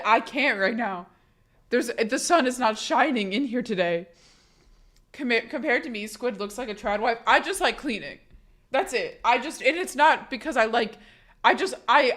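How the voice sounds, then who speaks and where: A woman's voice: fairly high pitch, a bit bright. A woman streamer talking casually with her chat, rambling and joking, with frequent swearing. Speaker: live streamer.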